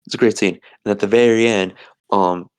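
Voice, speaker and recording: A man's voice: fairly low pitch, fairly even intonation, a little fast, a little mellow, clean tone, rough recording. A man co-hosting a podcast, rambling through a comedic movie recap and acting out the quotes in silly voices. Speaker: podcast co-host.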